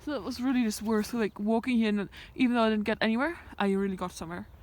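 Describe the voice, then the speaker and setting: A woman with a fairly high, darkish voice talks fast to her camera while hiking in the countryside by a fence, rambling and thinking aloud and often dropping to a whisper. The reflective walking vlog has birds and sheep audible in the open air.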